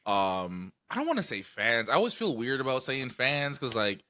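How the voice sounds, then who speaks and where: A man's voice: medium pitch, very animated, moderate pace, pushed and bright, dry recording, clean studio sound. A young man hosting a podcast, talking in loose slang, laughing and swearing in casual chat. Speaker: podcast host.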